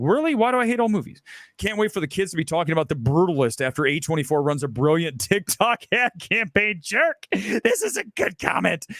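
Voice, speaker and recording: A man's voice: on the high side, fairly bright tone, no room sound. A man hosting a film talk stream, ranting in a combative, opinionated way about movies and his critics. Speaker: film talk show host. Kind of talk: ranting live-stream commentary.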